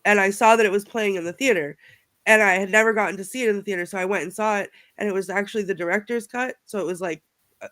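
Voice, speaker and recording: A chatty panelist rambles in a loose, casual way and leans on "like" a lot. The voice has a bright, forward edge at a middling pitch. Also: fast. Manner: chatty, uses fillers like "like".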